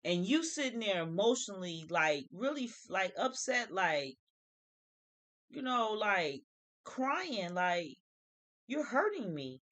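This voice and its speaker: A woman's voice: mid-range voice, very animated, takes it slowly, fairly bright tone. A woman hosting a casual reality TV commentary vlog, emphatic and repetitive, speaking with slang. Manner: emphatic, repeats phrases, uses slang. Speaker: show host reviewing reality TV.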